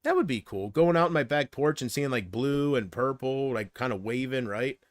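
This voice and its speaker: A man's voice: medium pitch, lively intonation, normal speed, no room sound, studio quality. A man on a casual livestream, rambling and unsure, drifting between thoughts while he answers viewer comments. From United States.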